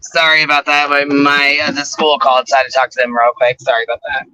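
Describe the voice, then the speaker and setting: Very bright, gossipy man on a panel. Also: fairly high pitch, flat delivery, quick pace, lo-fi sound. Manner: loose, gossipy, swears freely. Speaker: panel guest. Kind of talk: casual chat.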